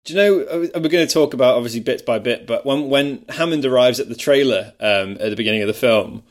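A man's voice: mid-range voice, quick pace. Chatty man, podcast co-host. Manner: chatty, often laughing. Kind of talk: casual film discussion.

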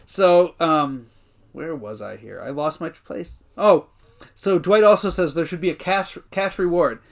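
A man's voice: on the high side, unhurried, creaky. A man co-hosting a podcast, casually recapping an episode, acting out quotes and swearing now and then. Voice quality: lively storyteller, acts out quotes, swears casually. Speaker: podcast co-host.

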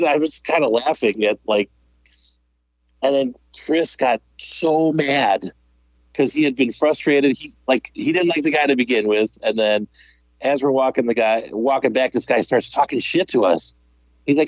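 A man's voice: medium pitch, normal speed, no room sound, rough recording. A man telling a long story in casual chat, laughing often and acting out the people he quotes. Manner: animated, laughs while telling stories, acts out quotes.

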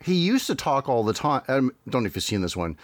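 A man's voice: medium pitch, sing-song, fast, dry recording, studio quality. A man hosting a podcast, chatting casually with many fillers and restarts. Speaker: podcast host.

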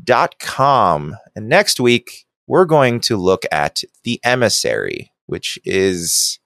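A male podcast host chatting casually and laughing often. His voice moves a lot in pitch as he talks. The sound is dry and close to the mic. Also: very animated, takes it slowly, gravelly, a bit bright, no echo.

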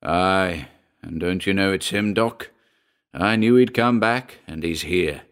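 A man doing a gruff, haunted old sea captain. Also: takes it slowly, a bit bright, exaggerated voice. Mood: haunted, brooding. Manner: salty sailor's talk, low and brooding.

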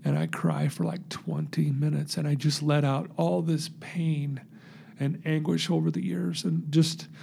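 Male guest, gravelly husky voice, earnest animated storyteller. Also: on the high side, measured pace. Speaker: guest telling his recovery story. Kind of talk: personal storytelling interview.

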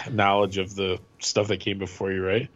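A man co-hosting a podcast, chatting casually with quick, stumbling restarts. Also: sits low, level tone, a bit bright. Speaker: podcast co-host. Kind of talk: casual chat about music. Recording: dull lo-fi audio.

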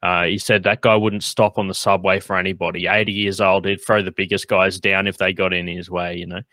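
A man's voice: deep voice, flat delivery, fairly quick, pushed and bright, dry recording. A man hosting a podcast in casual chat, rambling with lots of fillers and frequent laughs. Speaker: podcast host.

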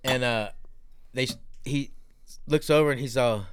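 A man's voice: medium pitch, a little slow, smooth, no echo, studio quality. A man co-hosting a casual podcast chat who laughs a lot and retells funny clips, swearing freely. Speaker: podcast co-host.

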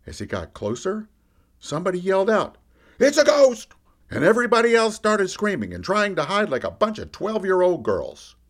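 This podcast storyteller speaks in a high voice and at a slightly quick pace, fully in character. He plays a frank fisherman disciple recounting his own tale in a first-person monologue, his voice lifting and dropping with the events.

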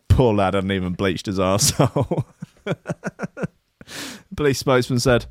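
A man's voice: fairly low pitch, lively intonation, unhurried, pauses often, a little mellow, no echo, studio quality. Giggly man riffing on news. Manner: wry, giggly, mocking asides. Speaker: podcast host. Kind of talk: comedic news-reading chat.

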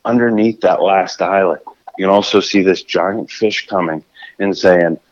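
Guy telling a story on a podcast, kinda low voice, gets animated, muffled lo-fi sound. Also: normal speed, a little hiss or hum. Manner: animated, acts out his own shouts and scrambles with restarts. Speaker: guest telling a fishing story. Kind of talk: casual storytelling.

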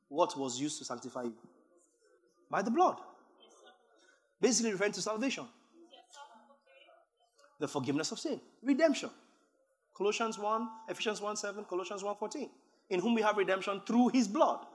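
A man with a voice that sits high preaches a sermon, reading scripture aloud. He builds from calm teaching into emphatic shouting.

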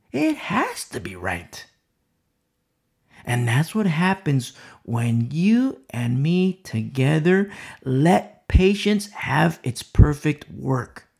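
A man's voice: a little high, gravelly, slightly rough. A man preaching a sermon. He speaks straight to the listener and repeats key phrases for emphasis. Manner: addresses listener directly and personally.

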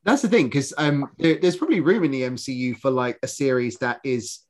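Man, podcast co-host, casual chat, animated, rambling, lots of restarts and fillers, middle pitch. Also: fairly quick, a little hiss or hum.

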